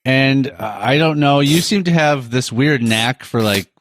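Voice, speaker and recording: A podcast co-host in easygoing, rambling conversation, quick to joke. He is a man with a mid-range voice. The sound is dry and close, with no room behind him. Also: mid-range voice, fairly bright tone, dry recording. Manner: rambling, jokey, reads listener stories aloud. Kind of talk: casual chat.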